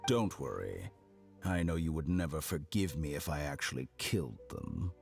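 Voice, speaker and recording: A man's voice: rumbling low, very animated, normal speed, exaggerated voice. An actor playing a sinister, scheming male scientist villain in a video game, smug and menacing. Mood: smug menace. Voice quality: gravelly, smug. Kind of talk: game voice acting. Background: game music.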